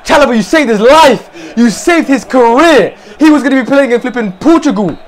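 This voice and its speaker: A young man commentating on his own football video game, shouting, swearing and groaning at his players. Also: very high-pitched, lively intonation, brisk. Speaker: gaming streamer. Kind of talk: excited live gameplay commentary.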